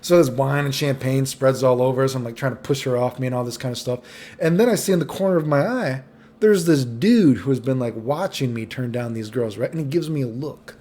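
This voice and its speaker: A man's voice: medium pitch, a little fast, mellow. Young guy, vlog storyteller, loose and foul-mouthed, chatty tags. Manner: casual, profane, rambling with "right?" tags. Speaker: vlogger. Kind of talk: storytime monologue.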